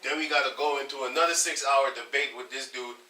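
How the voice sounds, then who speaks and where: A man's voice: mid-range voice, quick pace. A man telling stories in a casual group chat as its leader, acting out other people's lines as he goes. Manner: animated storytelling, acts out others' lines. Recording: echoey room from far off, faint noise.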